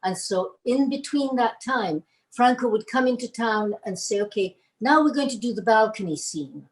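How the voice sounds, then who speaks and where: An older woman, an actress, recounting her early career in a rambling, animated way, acting out the lines she quotes. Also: fairly high pitch, normal speed, low-quality recording. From Argentina. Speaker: actress telling career stories. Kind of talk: casual storytelling.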